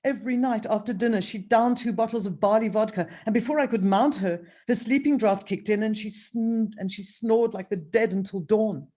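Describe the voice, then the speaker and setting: A woman's voice: on the high side, moderate pace, hardly any pauses, mellow, voice pushed up, natural voice. A woman putting on a whiny self-pitying sultan. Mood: whiny lament. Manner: whiny, complaining. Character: lustful self-pitying middle-aged male sultan.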